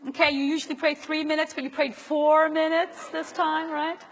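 A woman's voice: high voice, flat delivery, moderate pace, vocal fry. A woman preacher giving a conversational sermon and asking her listeners rhetorical questions. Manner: asks the audience rhetorical questions. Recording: long reverb of a large hall.

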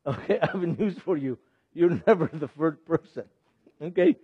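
A middle-aged man, a ministry speaker teaching an audience in a sermon style. He talks in an animated way, laughs often and puts questions to the audience. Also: a little high, normal speed, slightly rough, no room sound. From Lebanon. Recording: dull, dry lo-fi recording.

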